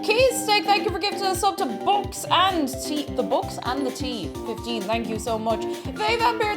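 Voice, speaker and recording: An excitable young woman, greeting her chat in a gushing, sing-song way on a live stream. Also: extremely high pitch, moderate pace, hardly any pauses. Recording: music playing behind.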